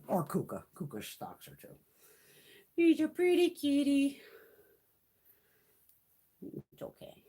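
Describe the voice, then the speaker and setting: A woman's voice: high-pitched, mellow. A middle-aged woman chatting casually on a live stream from home, swearing freely and cooing at her cats. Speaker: beauty vlogger.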